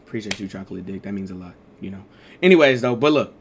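This man, a fast talker with a lowish, breathy-edged voice, tells his livestream chat a story. He's excitable and slangy, swinging between mumbled asides and loud exclamations.

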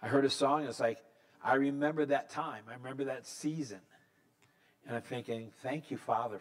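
A man in his sixties, a pastor preaching a conversational sermon, correcting himself as he goes and rising into high, excited emphasis. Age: 60s.

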